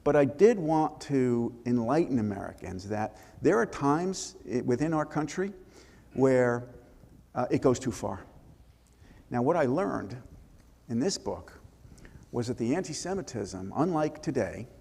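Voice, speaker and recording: An older man, an author, telling lively anecdotes with restarts in a live interview before an audience. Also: medium pitch, measured pace, creaky, slightly rough. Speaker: author and former congressman. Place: synagogue hall before an audience. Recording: long reverb of a hall.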